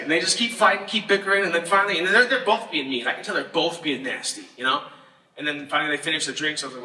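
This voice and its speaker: A man's voice: on the high side, fast talker, pushed and bright. A young man performing a stand-up comedy set, telling punchy sarcastic stories and working the crowd. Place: comedy festival stage before a live audience. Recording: echoey live room, mic far off, noisy.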